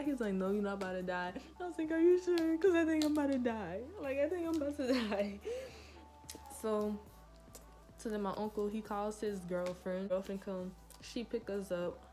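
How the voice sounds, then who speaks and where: A woman's voice: fairly low pitch, darkish tone. Casual, profane woman telling a vlog story. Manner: casual, profane, full of fillers. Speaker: vlogger.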